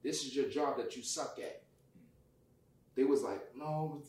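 A man telling a personal story in casual conversation, animated and profane, acting out what people said. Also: mid-range voice, unhurried, reverberant, distant mic, a little hiss or hum. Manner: animated, profane, acts out quotes loudly. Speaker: guest.

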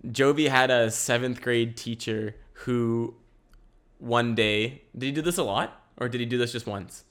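A man's voice: medium pitch, unhurried, a bit bright, smooth. A young man hosting a casual solo podcast from home, rambling with restarts and swearing. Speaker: podcast host. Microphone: camera mic.

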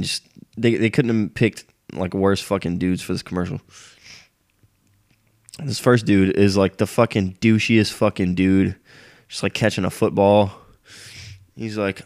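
A man's voice: lowish voice, a little slow, long pauses. A young man who is sick and sniffling, hosting a casual solo rant in a profane, griping, rambling way. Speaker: podcast host.

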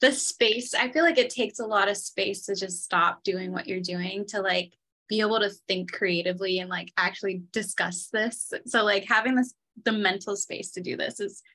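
A woman's voice: mid-range voice, normal speed, bright, forceful tone. Thoughtful woman in casual chat.

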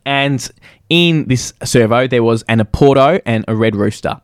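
A man's voice: medium pitch, normal speed, dry recording. Rambling young man, dry mic. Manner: rambling, self-interrupting storyteller. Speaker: podcast co-host. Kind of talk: casual chat.

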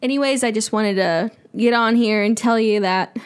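A woman's voice: fairly high pitch, normal speed, clean tone. A woman hosting a podcast, talking candidly and rambling, swearing freely in casual chat. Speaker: podcast host.

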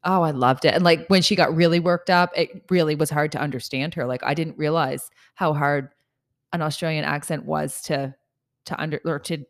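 A woman co-host with a notably low voice, chatting casually on a podcast. She reacts quickly and gets animated when telling her own stories. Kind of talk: casual chat.

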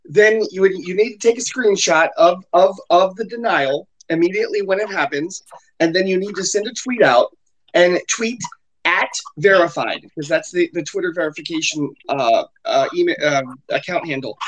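A man hosting an online group call, talking casually in halting bursts with many repeated words, his voice worn after illness. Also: high voice, a little hiss or hum, rough recording. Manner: halting, repeats words, offers help eagerly. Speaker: host. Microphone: computer mic on an online call.

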